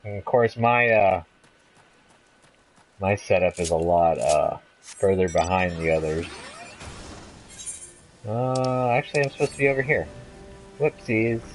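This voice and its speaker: A man streaming a game, chatting casually and reacting out loud as he plays. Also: on the low side, lively intonation, a little slow, long pauses, faint music behind. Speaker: let's play gamer. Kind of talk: live game commentary.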